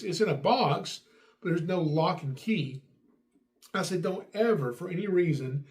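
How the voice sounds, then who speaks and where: Guy, middle-aged, high-ish voice, tells a funny story, gets loud doing the voices. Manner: animated, acts out quotes with raised voice. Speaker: podcast host. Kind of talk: casual storytelling.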